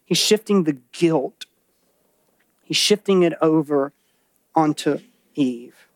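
A man preaching a sermon in a church, animated, acting out quotes and voices, and dropping low and serious for warnings. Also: slow, no room sound. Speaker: pastor.

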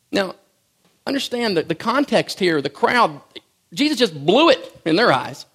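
A middle-aged pastor preaching a sermon in a conversational, folksy way, swinging from loud bursts to hushed asides. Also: male voice, sits high, very animated, moderate pace. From rural farm background.

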